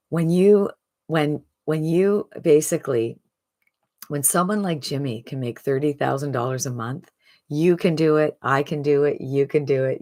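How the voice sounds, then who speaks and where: A woman with a notably low voice gives an upbeat, motivational sales pitch. She talks straight to her viewers and keeps checking in with a quick "right?". The tone is that of a promoter rallying people. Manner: upbeat, repeats "right?" often. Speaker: online marketing promoter. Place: streaming live from a phone.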